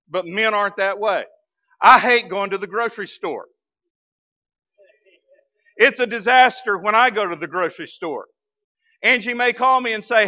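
Man pastor, high-pitched, lively humorous sermon delivery, muffled lo-fi recording. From Arkansas, US. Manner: animated, humorous storytelling with bursts of emphasis.

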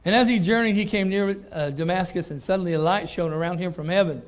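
A middle-aged male pastor delivering a sermon in a high, bright-pitched voice. He is animated and leans on repeated phrases to drive his points home. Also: fast talker.

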